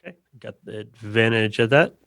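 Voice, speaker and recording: A man's voice: fairly low pitch, fairly quick, creaky, a bit bright, no echo, studio quality. A man playing a tabletop game, playful and dramatic, speaking asides to the audience. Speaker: player.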